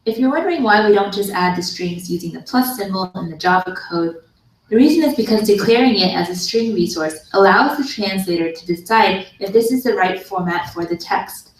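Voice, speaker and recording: A woman narrating a scripted programming tutorial in a calm, explanatory way, played as a video in a classroom. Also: mid-range voice, fairly quick, roomy sound. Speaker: online course instructor. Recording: video played into a room, heard from far.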